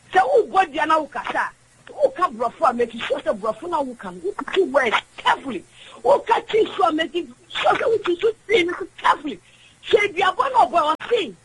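A woman's voice: high-pitched, fairly bright tone, slight background noise, low-quality recording. A woman calling in to a radio show, speaking with impassioned emphasis and mixing English into her talk. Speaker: caller. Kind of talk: radio call-in opinion.

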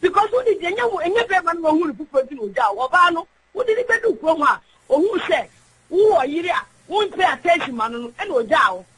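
A woman's voice: extremely high pitch, very animated, a little fast, a bit bright, low-quality recording. A woman calling in to a radio show, speaking with impassioned emphasis and mixing English into her talk. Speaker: caller. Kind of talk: radio call-in opinion.

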